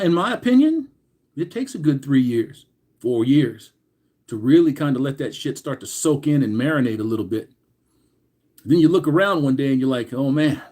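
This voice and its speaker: Animated husky livestream host. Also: male voice, a little high. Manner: reads chat names aloud with loud greetings, crude swearing. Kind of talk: casual livestream chat.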